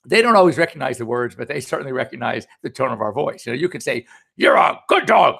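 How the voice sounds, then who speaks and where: A man's voice: mid-range voice, expressive, fast, creaky, fairly bright tone. A middle-aged man hosting a pet radio show as a veterinarian, talking in a chatty, anecdotal, upbeat way. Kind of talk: casual chat.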